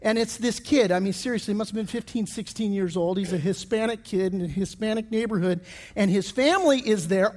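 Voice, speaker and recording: A middle-aged pastor delivering a sermon in a fairly high voice. He tells his stories loosely, restarting phrases and filling pauses as he goes, and his voice rings out into a long hall reverb. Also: a little mellow. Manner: storytelling with many restarts and fillers.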